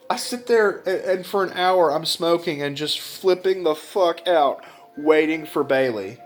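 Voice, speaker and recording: A man's voice: fairly high pitch, lively intonation, normal speed, faint music behind. A young man telling a personal story in a blunt vlog style, swearing a lot and getting emotional as he retells it. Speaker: vlogger.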